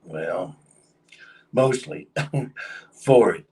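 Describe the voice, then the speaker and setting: A man's voice: lowish voice, a little slow, distant mic, low-quality recording. A man casually telling a long story on a livestream, rambling with lots of fillers. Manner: rambling, many fillers, acts out quoted voices.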